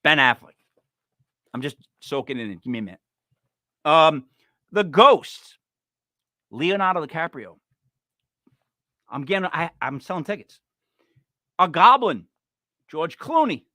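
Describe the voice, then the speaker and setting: A man's voice: fairly high pitch, big pitch swings, unhurried, pauses often, sharp tone, no room sound, studio quality. A man co-hosting a podcast in playful comedic chat, joking through a list with punchy delivery. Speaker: podcast co-host.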